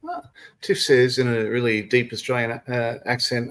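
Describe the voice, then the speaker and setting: A man co-hosting a relaxed model-building livestream, reading viewers' comments aloud and laughing often. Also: mid-range voice, moderate pace. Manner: laughs often, reads chat messages aloud. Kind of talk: casual chat reading out live comments.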